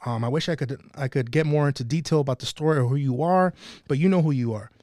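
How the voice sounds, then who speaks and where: A fired-up man talks through a story in casual podcast chat, cursing freely. His voice sits a little high for a man. The dry, close mic keeps the room quiet. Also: fast talker, no room sound. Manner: passionate, swearing, tells stories. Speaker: podcast guest.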